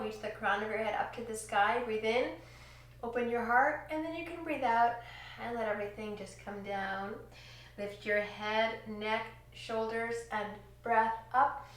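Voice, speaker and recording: A woman teaching a children's yoga class, giving gentle, encouraging cues in time with slow breaths. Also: fairly high pitch, slight background noise. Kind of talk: guided kids yoga lesson. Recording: echoey room, distant from mic.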